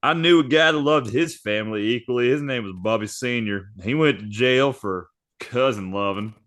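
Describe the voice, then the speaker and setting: A man's voice: medium pitch, moderate pace, fairly bright tone, lightly acted. A man putting on a dim, crude redneck guy. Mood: goofy.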